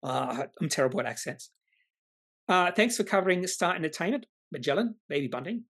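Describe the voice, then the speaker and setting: Rambling man with a raised pitch. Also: big pitch swings, a little fast, fairly bright tone. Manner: rambling, opinionated, self-correcting. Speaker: investing channel host. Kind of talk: casual answering of viewer comments.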